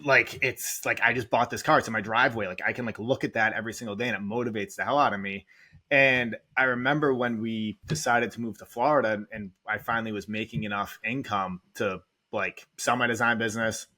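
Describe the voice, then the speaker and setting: A man's voice: lowish voice, steady tone, brisk, pushed and bright. A man, telling his story candidly as a podcast guest, full of "like" fillers and close to tears. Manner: rambling, heavy "like" filler, emotional. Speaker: real estate investor guest.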